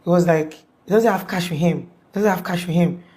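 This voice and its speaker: A young Nigerian woman recounting an event in casual conversation, animated and acting out what people said. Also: fairly low pitch, normal speed. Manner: animated, acts out quoted speech, many restarts. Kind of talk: conversational storytelling.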